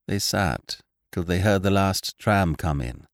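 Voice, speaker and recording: A man narrating a classic short story in an expressive, theatrical manner. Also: sits low, measured pace, no echo, clean studio sound.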